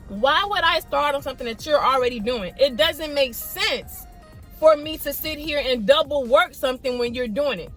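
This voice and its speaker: High-voiced woman telling a lively story. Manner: animated storytelling, mimics others in quotes. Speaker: vlogger. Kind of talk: storytime vlog.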